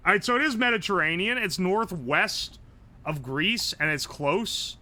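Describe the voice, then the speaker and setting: A man streaming live, commenting on a game with blunt, profane, quick reactions. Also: high voice, expressive, bright, forceful tone.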